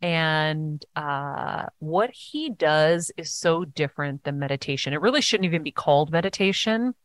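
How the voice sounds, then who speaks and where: A woman's voice: low voice, lively intonation, moderate pace, dry recording. A woman speaking as a podcast guest, telling stories earnestly and acting out what others said. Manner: earnest, storytelling, acts out quotes. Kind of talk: casual interview talk.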